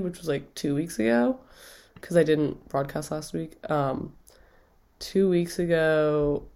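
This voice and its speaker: Slow, creaky young woman with a cold. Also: deep voice, warm tone. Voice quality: vocal fry. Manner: rambling, filler-heavy. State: stuffy with a cold. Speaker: radio host. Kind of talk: casual chat.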